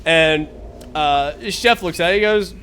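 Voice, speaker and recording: A man's voice: on the high side, measured pace, fairly bright tone, slight background noise. A man from the Midwest telling a rambling, laugh-filled story on a live stream, swearing freely. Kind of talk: casual storytelling chat.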